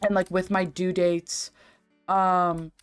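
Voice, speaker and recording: A young woman with a slightly low voice rambles through casual chat while streaming a game, full of fillers and swearing freely. Faint game music plays behind her. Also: level tone, slow, clear, resonant tone. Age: young adult.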